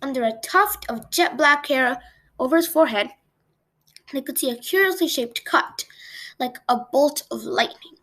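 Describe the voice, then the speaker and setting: A woman reading a novel aloud in a plain, steady storytelling manner for her channel. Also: high voice, moderate pace. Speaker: read-aloud channel host.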